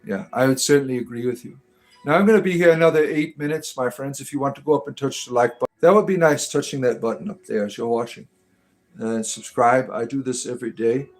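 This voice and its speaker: A man's voice: mid-range voice, fast talker, faint music behind. Rambling, teasing man hosting a livestream. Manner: rambling, teasing, many fillers. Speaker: livestream host. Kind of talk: casual livestream chat.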